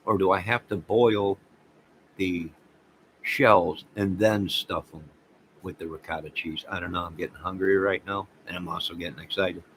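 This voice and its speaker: Deep-voiced rambling man chatting on livestream. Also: normal speed, a little hiss or hum, rough recording. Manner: rambling, excitable, talks to viewers by name. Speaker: livestream host reading chat. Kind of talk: casual livestream chat.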